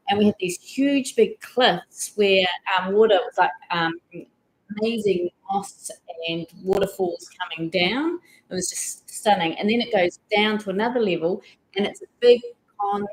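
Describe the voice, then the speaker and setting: A woman's voice: mid-range voice, rough recording. Enthusiastic middle-aged woman, casual chat. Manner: enthusiastic, chatty storyteller. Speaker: vlog co-host.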